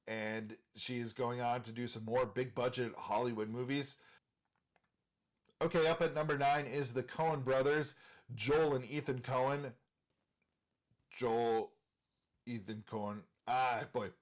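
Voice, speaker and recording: A man's voice: medium pitch, steady tone, unhurried. A man from Minnesota hosting a movie channel, talking casually and enthusiastically while ranking film directors, with frequent filler words.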